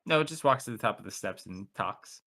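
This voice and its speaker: Low, lively-voiced male game master. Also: a little fast, gravelly. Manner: relaxed, conversational, many "like" fillers. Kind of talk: narrating a tabletop game.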